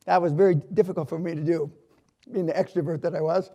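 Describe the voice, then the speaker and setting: An older man giving a live motivational talk in a university hall, telling stories bluntly and with swearing, swinging from loud to quiet. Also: on the high side, fairly even intonation, fast, lo-fi sound. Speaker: motivational speaker.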